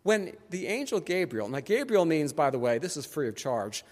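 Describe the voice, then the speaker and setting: A man preaching a sermon as pastor, animated and conversational, acting out the people he quotes. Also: fairly high pitch, moderate pace. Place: church sanctuary. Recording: long church hall reverb.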